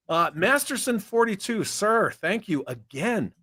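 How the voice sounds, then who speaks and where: A man's voice: sits high, sing-song, unhurried, pushed and bright, husky, no room sound. A man hosting a casual livestream chat, reading viewer messages aloud, frank and profane. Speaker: host.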